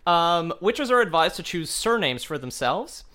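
Male podcast host, slightly high, bright voice, loose and jokey. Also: sing-song, normal speed. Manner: joking, laughs often, crude humor. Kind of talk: casual chat.

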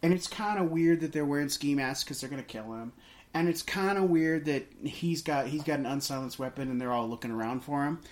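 A man's voice: a little high, fairly quick. Man, podcast co-host, casual movie chat, rambling, lots of restarts.

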